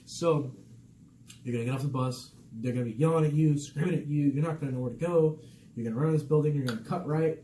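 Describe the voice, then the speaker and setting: A young man and Navy sailor hosting a casual vlog, relaxed at first and then upbeat and animated, talking with friends in a barracks room. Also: a little high, fast. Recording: echoey room with background noise.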